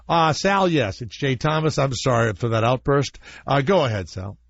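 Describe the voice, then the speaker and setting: A male talk radio host spins rambling, self-mocking comic stories with a lively, swooping delivery. His voice is dry and close on a studio microphone. The broadcast sound is a little dull. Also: medium pitch, moderate pace, gravelly, no echo.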